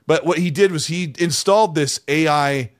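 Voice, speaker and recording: Slightly high-voiced chatty podcast guy. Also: normal speed. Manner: animated, rambling storyteller with many restarts. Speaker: podcast co-host. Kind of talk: casual podcast chat.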